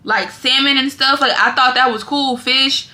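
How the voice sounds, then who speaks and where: Young woman, vlogger, casual storytelling, dramatic and animated, very bright tone. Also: high-pitched, normal speed. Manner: animated, dramatic storytelling, often addresses viewers as y'all.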